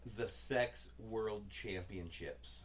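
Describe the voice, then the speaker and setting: This man's voice is fairly low and slow, with a little hiss or hum in the recording. As a podcast co-host, he rambles through casual stories, swearing freely and acting out what people said.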